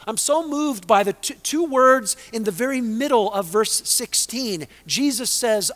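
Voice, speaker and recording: Male pastor, high voice, deliberate sermon delivery with loud-to-hushed dynamics. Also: expressive. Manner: preaching with dramatic swings from loud to hushed.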